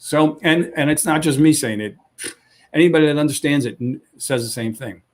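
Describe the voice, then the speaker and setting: A man with a slightly raised voice pitches his company with real enthusiasm, firing off short emphatic lists. He sounds salesy and sure of himself. The audio comes through a video call. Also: a little fast. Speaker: company founder pitching to sellers.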